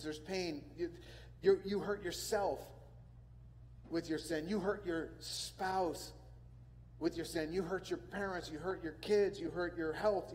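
High-voiced pastor preaching in an echoing hall. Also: male voice, a little mellow. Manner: earnest, repeats words and phrases for emphasis. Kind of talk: sermon.

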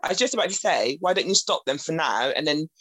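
A woman co-hosting a podcast in easygoing chat, laughing often and slowing down to make a point. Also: low voice, animated, a bit bright, dry recording. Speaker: podcast co-host. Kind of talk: casual chat.

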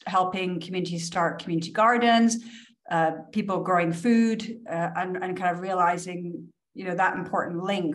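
A middle-aged woman with a Scottish accent softened by years abroad, telling her life story openly and reflectively as an interview guest. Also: on the low side. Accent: Scottish, softened by years in New York. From Scotland. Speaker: guest, politician. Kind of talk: conversational interview.

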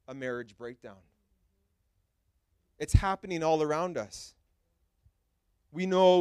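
A man's voice: on the high side, smooth, no echo, clean studio sound. A man preaching a sermon in a church, emphatic and repetitive in short punchy phrases, with conversational, lightly humorous asides. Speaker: pastor. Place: church sanctuary.

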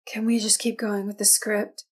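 A woman's voice: medium pitch, little pitch movement, normal speed, husky, natural voice. A woman voicing a haughty, bossy teenage girl. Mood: exasperated. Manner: condescending, snippy.

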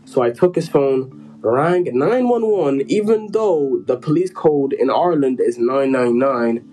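A man's voice: mid-range voice, animated, measured pace, dark tone, faint music behind, low-quality recording. A man chatting casually and telling a rambling, joking story about his school days. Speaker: podcast co-host telling a story. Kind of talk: casual chat.

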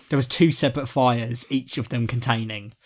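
Animated, swearing man in casual chat. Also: medium pitch, normal speed. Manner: animated, swearing, acts out character quotes. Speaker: podcast co-host.

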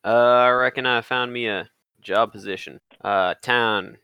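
A man voicing a former lawman in a put-on frontier drawl, folksy and slow. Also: medium pitch, steady tone, pushed and bright, smooth, no room sound. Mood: plain.

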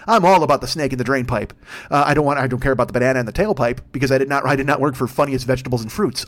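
Male podcast host, solo, quick and profane, self-mocking, stumbles and restarts a lot. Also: on the high side. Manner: profane, rambling, self-deprecating; frequent restarts and stammers. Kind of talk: casual solo monologue.

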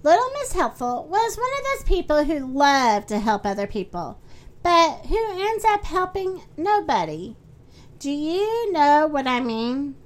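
A woman reads a children's storybook aloud in a high, bright-pitched voice. She takes her time, slow and unhurried, giving each line an expressive lift. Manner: lively, expressive read-aloud with character voices. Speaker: children's story podcast host.

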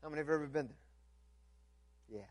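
A man with a notably high voice preaches a sermon to his congregation. He stumbles over repeated words as he restarts, then swings from loud, lifted passages down to near-hushed lines. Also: unhurried, no room sound. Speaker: pastor.

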